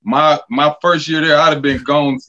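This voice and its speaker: A man's voice: a little high, moderate pace, muffled recording, noisy background. A middle-aged man and former basketball player, a podcast guest telling profane stories casually and acting out the dialogue. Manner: profane, animated, acts out dialogue. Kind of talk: casual storytelling.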